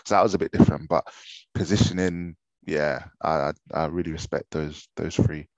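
Deep-voiced young man chatting casually. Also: moderate pace, creaky, no echo, muffled recording. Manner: relaxed, laughing, hesitant restarts. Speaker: podcast co-host. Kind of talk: casual football chat.

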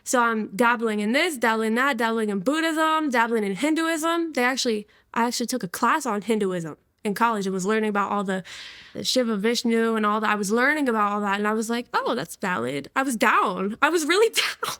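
A woman in her twenties tells her personal testimony as a guest, chatting casually with plenty of slang and easy laughter. Her voice sits a little high, and the recording is dry and close. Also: a little fast, no echo. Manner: lively, laughs often, slangy. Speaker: interview guest.

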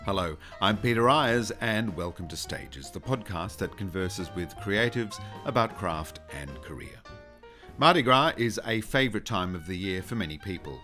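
A man hosting a podcast, who gives a scripted intro and then interviews a guest in a friendly, measured way. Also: on the low side, lively intonation, bright, forceful tone, soft background music. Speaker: podcast host.

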